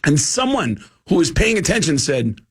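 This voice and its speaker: A man, a comedian guest, telling an animated comedy anecdote and acting out the characters. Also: medium pitch, normal speed, husky. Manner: animated storyteller, acts out characters.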